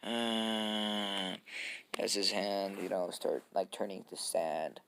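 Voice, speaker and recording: A man's voice: low voice, fairly even intonation, unhurried, gravelly. A man casually improvising a story, hesitant and full of fillers.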